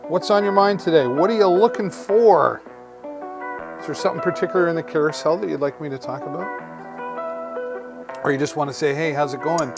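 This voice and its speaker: A man's voice: on the high side, a little fast, creaky, long pauses, music in the background. A man hosting a live deals stream, friendly and rambling, with many restarts.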